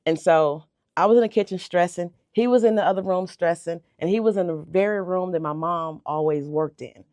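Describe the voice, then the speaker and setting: A woman's voice: on the low side, fairly quick, a little mellow, no echo. Woman, middle-aged, radio interview guest, heartfelt storytelling, dry close sound. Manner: earnest, heartfelt, repeats words when moved. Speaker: bakery owner, interview guest. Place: radio studio. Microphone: radio studio microphone.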